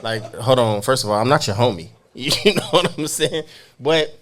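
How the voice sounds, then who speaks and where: A man's voice: mid-range voice, lively intonation, normal speed, fairly bright tone. Man, podcast host, laid-back storyteller who laughs a lot. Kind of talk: casual podcast chat.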